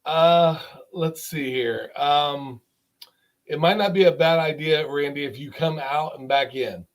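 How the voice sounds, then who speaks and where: A man who produces video, chatting casually from his home studio. He speaks in a relaxed, halting way. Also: fairly high pitch. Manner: relaxed, halting, many fillers. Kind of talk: casual chat.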